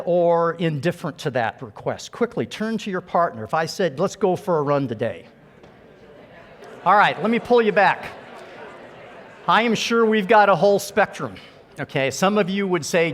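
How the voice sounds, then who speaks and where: A man's voice: high-pitched, expressive, normal speed. A middle-aged man speaking earnestly and emphatically as a conference speaker, giving a motivational keynote to a live audience.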